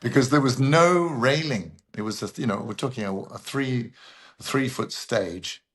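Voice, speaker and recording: A man, a guest voice actor, telling animated anecdotes and acting out the people in them. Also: medium pitch, unhurried. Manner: animated raconteur who acts out other people. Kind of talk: anecdotal interview storytelling.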